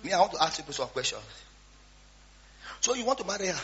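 A man preaching a storytelling sermon, swinging between quiet asides and loud shouts. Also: sits high, sing-song, quick pace, faint music behind. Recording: dull lo-fi sound with faint hum.

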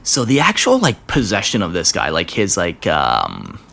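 A man with a somewhat low voice hosting a storytelling podcast. He reads a listener's tale with halting, dramatic pacing. Then he reacts in loose, casual chat full of fillers and laughter. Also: wildly swooping pitch, vocal fry, sharp tone. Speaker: podcast host.

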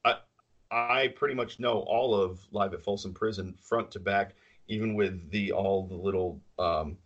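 A man's voice: deep voice, normal speed, fairly bright tone, highs cut off. A man co-hosting a podcast in casual chat, rambling and opinionated, laughing often. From central New York. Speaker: podcast co-host.

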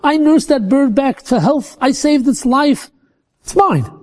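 A man's voice: extremely high pitch, lively intonation, unhurried, long reverb tail, voice pushed up. Man playing a stubborn defiant man. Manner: defiant, insistent. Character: stubborn man refusing to give something back.

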